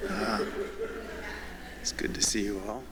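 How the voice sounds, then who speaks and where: A man's voice: medium pitch, lively intonation, measured pace, crowd noise. An older man from the Yakima Valley giving a thoughtful, musing eulogy for his mother in a church. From Yakima Valley, Washington. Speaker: son of the deceased, eulogist. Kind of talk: reflective eulogy. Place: church sanctuary. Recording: church reverb with faint ambient noise.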